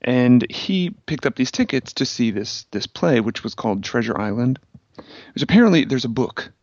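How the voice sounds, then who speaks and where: A man tells a long story with sardonic bite and lots of fillers. The audio is dry and a little dull, as in a podcast. His voice sits at a middling pitch. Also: lively intonation, normal speed, a little mellow, dry recording. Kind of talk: casual chat.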